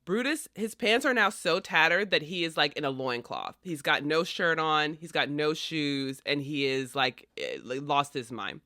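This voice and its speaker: A man co-hosting a podcast, recapping a play in a lively, conversational way. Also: fairly high pitch, normal speed, hardly any pauses, no room sound, clean studio sound. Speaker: podcast co-host. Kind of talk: animated story recap.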